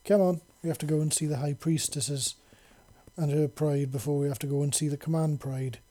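A male storyteller does a fierce feathered creature woman who teases and bosses her captive in a mellow, breathy voice pushed up higher than his own. She switches easily between sultry purring and firm warnings, in the manner of a read-aloud storybook. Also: normal speed, lightly acted. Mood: bossy. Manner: playful, sultry, bossy. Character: fierce female feathered creature, teasing and commanding.

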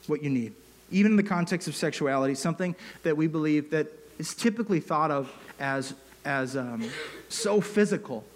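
A man preaching a sermon, earnest and unscripted, with fillers and rising emphatic peaks. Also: on the high side. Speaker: pastor.

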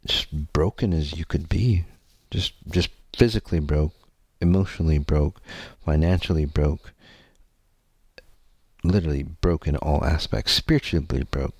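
A man's voice: extremely low pitch, a little slow, darkish tone, breathy edge, no echo, clean studio sound. A man telling a candid personal story to his audience, rambling and earnest, with many fillers and some casual swearing.

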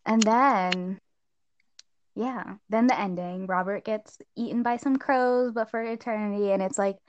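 Teen girl gushing about a movie, really animated, dry close sound, mid pitch. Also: unhurried, no echo, highs cut off. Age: teens. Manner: animated, acts out scenes in squeaky voices. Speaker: film reviewer. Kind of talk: casual chat.

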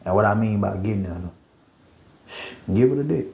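A man hosting a casual podcast rant, heated and profane, dropping to low mutters and jumping up to high yells. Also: expressive, a little fast, gravelly. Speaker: podcast host. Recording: roomy, dull lo-fi sound.

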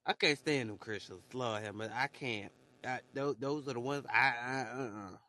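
A man's voice: medium pitch, normal speed, sharp tone. A man ranting in a casual, profane monologue, repeating words and shifting his voice a lot as he goes. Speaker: podcaster. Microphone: solo voice message.

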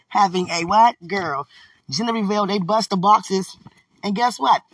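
Brief: woman host, playful and teasing, husky tone, mid-pitched, casual phone chat from home. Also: lively intonation, a little slow, fairly bright tone. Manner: playful, chatty, teasing, laughs often. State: a little out of breath. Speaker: podcast host. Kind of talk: casual phone chat while getting ready.

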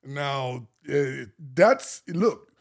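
A man telling stories as a podcast guest in a casual, animated and slangy way. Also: mid-range voice, very slow, gravelly. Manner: animated, slangy, laughing storyteller. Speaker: guest, male stripper. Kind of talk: casual storytelling.

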